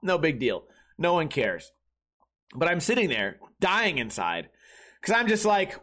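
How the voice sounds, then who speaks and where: A young adult man hosting a podcast, telling a comic story in a profane, ranting way with quick bursts. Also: fairly high pitch, big pitch swings, fairly bright tone. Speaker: podcast host. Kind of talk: comedic storytelling rant.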